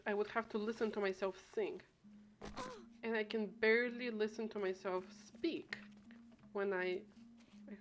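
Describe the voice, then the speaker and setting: A woman streaming a game, chatting casually and thinking aloud with many restarts and trailing thoughts. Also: mid-range voice. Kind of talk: casual gameplay chat. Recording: steady background noise.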